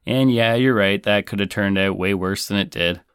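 A man with a very deep, smooth voice hosts a podcast. He reacts to a listener's story in an easygoing, reflective tone, and the recording is close and dry. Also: moderate pace, fairly bright tone, dry recording. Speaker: podcast host. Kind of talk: casual podcast commentary.

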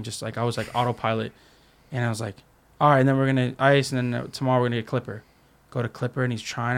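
A man's voice: medium pitch, little pitch movement, fast talker, gravelly. A man chatting casually as a podcast guest, telling stories and acting out quotes, with lots of "like" filler. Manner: storytelling, acts out quotes, many likes. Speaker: podcast guest, skate filmer. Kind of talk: casual chat.

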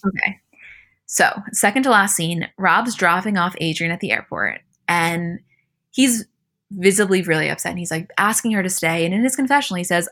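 A young woman co-hosts a casual podcast recap and tells the scenes with a bright, forceful voice. She acts out the quotes animatedly, with her voice lifting when she plays the people in them. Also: lowish voice, lively intonation, moderate pace. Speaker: podcast co-host. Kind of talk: casual chat recapping a reality show.

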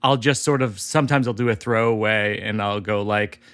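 A man hosting a casual interview conversation, telling stories and jokes in an animated way and laughing through his own punchlines. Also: lowish voice, fairly quick, clean tone, no echo. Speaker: host.

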